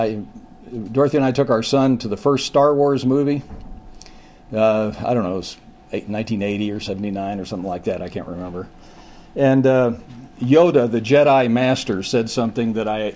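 An older man preaching a conversational sermon as pastor, folksy and halting, with frequent restarts and a slowing, emphatic delivery on key points. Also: medium pitch, a little mellow.

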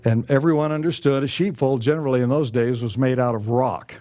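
A male preacher delivers a sermon in a mellow, warm voice. He speaks earnestly and emphatically. He slows down to stress each scripture he quotes. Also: medium pitch, fairly even intonation.

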